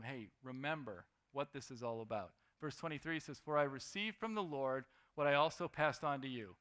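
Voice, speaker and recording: A young man preaching a sermon, lively, swinging between loud emphasis and quiet asides. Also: on the high side, clear, resonant tone.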